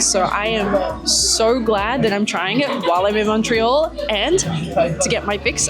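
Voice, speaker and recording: A young adult woman travel vlogger who talks in an enthusiastic, upbeat and descriptive way. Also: medium pitch. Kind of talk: travel vlog narration.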